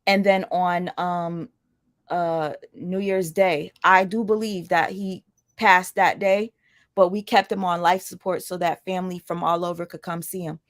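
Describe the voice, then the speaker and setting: A woman's voice: on the low side, little pitch movement, a little slow, dry recording. Chatty woman livestreaming, dry close sound. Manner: chatty, addresses viewers directly, rambling asides. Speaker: livestream commentator. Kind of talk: casual livestream chat.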